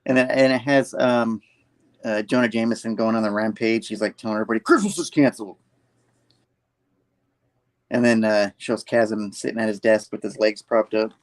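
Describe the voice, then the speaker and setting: A man's voice: lowish voice, little pitch movement, fairly quick. A man hosting a podcast, casually retelling a comic book with lots of fillers and restarts. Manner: rambling, filler-heavy retelling. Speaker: podcast host.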